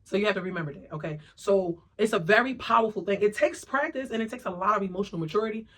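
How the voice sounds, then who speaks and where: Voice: medium pitch, quick pace, fairly bright tone. A motivational speaker giving an emphatic monologue, often checking in with "right?" and "okay?". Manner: acts out quoted voices of other people.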